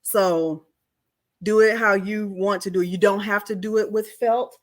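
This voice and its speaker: A woman's voice: mid-range voice, steady tone, measured pace. A woman hosting a live-streamed craft tutorial, chatty and friendly, greeting viewers by name and often saying "y'all". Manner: Southern-style "y'all".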